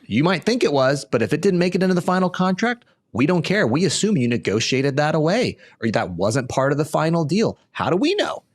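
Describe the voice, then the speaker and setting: A man's voice: fairly high pitch, sing-song, fairly quick, few pauses. A man who is a lawyer and podcast co-host, explaining things plainly in casual talk and laughing often.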